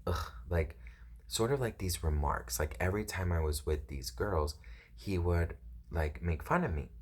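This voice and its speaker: A man's voice: deep voice, a little hiss or hum. A young man casually telling a story from school, chatty with lots of fillers and the odd curse. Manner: chatty, full of "like" and "um", salty language. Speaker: storytime vlogger.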